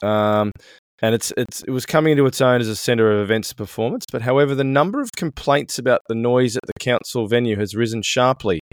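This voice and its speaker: A man's voice: medium pitch, brisk, no echo. A middle-aged man co-hosting a podcast in casual chat, swearing a lot as he rants. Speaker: podcast co-host.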